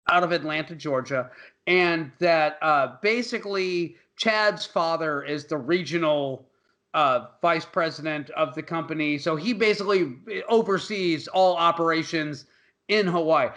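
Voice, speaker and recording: Bright-voiced man recapping a movie. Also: on the high side, lively intonation, a little slow, low-quality recording. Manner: loose, profane, laughing storyteller. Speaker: podcast co-host. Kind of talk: casual movie-recap chat.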